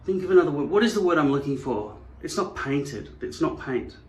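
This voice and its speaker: A man's voice: fairly high pitch, animated, fairly quick, darkish tone. Rambling man in an echoey room. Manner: musing, digressive, wry. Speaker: channel host. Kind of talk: rambling vlog monologue.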